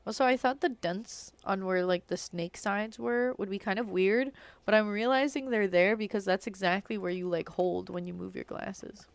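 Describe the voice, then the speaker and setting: Here a young adult woman rambles through casual live-stream chat while gaming, leaning heavily on "like." Her voice is medium in pitch and creaky, and she speaks at a normal speed.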